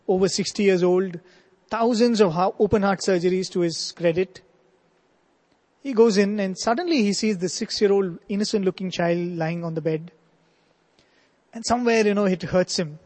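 A man's voice: sits high, darkish tone. A man telling a devotional story earnestly as a spiritual speaker, with asides like "you know". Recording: long hall reverb.

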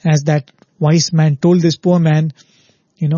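A man gives a spiritual talk in a slightly high, mellow voice, explaining patiently and tossing in "right?" to keep listeners with him. The voice is a little husky. The recording is dull and dry, with no room sound. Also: level tone, measured pace, no room sound. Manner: explanatory, often adds "right?" to check in with listeners. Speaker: spiritual speaker.

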